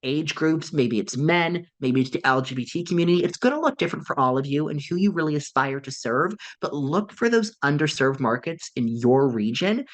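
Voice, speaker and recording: A man working as a marketing consultant, giving a live webinar presentation in a lively, conversational coaching tone that often checks in with "right?". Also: on the high side, fairly quick, hardly any pauses. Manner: coaching tone with frequent "right?" tag questions.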